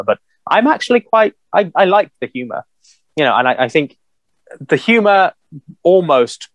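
A man co-hosting a casual podcast chat, animated and swearing freely with lots of "you know". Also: mid-range voice, no room sound. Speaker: podcast co-host.

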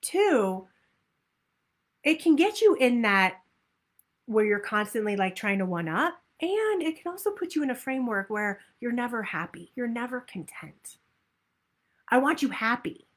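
A woman giving a motivational talk as a weight-loss coach, upbeat and animated, acting out people's inner voices. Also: a little high, measured pace.

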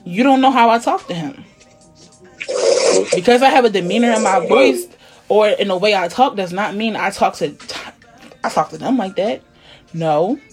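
A woman in casual chat, talking bluntly and emphatically, often swearing, sometimes dropping to a low, quiet tone. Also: moderate pace, long pauses, over music. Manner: blunt, profane, emphatic venting; drops to a low, quiet tone to make a point. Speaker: conversation partner.

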